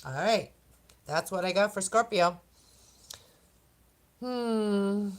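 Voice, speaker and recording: A woman's voice: medium pitch, slow pace. A woman doing a casual oracle card reading for the zodiac signs, chatty and rambling, often laughing and tripping over words. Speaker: tarot and oracle card reader.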